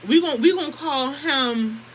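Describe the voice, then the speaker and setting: A young woman vlogger telling a story in a casual, animated and heavily profane way. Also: high-pitched, unhurried, a little hiss or hum, poor audio. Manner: profane, animated, emphatic retelling.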